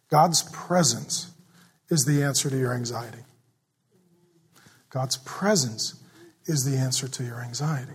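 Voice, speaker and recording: Husky man preaching with big swings. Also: fairly high pitch. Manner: swings from loud emphatic preaching to soft fatherly hush. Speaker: pastor. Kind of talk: sermon.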